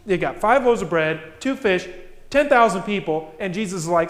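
High-voiced preacher in an echoing church. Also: male voice, moderate pace. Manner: animated, acts out the voices of people in the stories; asks the congregation many rhetorical questions. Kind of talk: sermon. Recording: echoey church hall.

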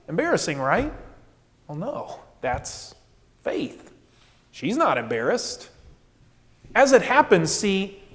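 A man preaching a sermon as pastor, animated, asking rhetorical questions and acting out the people in the story. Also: a little high, long reverb tail. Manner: animated, rhetorical questions, acts out quoted voices.

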